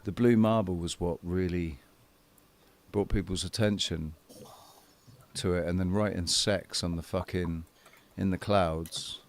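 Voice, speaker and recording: Low-voiced man rambling with lots of swearing. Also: a little slow. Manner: rambling, swears a lot, animated impressions. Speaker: guest on a flat earth chat stream. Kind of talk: casual chat.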